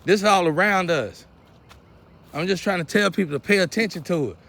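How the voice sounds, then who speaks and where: A man, lecturing and scolding his viewers in a preachy monologue, often clearing his throat. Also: high-pitched, a little fast, fairly bright tone. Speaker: vlogger.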